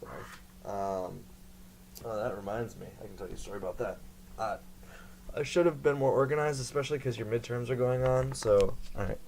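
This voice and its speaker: A man's voice: mid-range voice, brisk, vocal fry, a little mellow, slight background noise. A young man rambling casually to camera, meandering, swearing often and correcting himself as he goes. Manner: meandering, profane, self-correcting. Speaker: vlogger. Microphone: computer headset setup.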